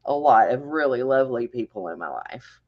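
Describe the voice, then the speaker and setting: A woman musician, a guest on a radio show, chatting casually, laughing often and sometimes halting over her words. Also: extremely low pitch, expressive, highs cut off. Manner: warm, laughing, a bit halting. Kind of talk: casual chat.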